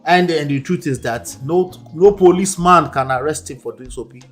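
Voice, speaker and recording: A man's voice: fairly high pitch, moderate pace, faint music behind. A man reacting to clips as a relationship coach, emphatic and repetitive, laughing between points. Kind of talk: casual reaction commentary.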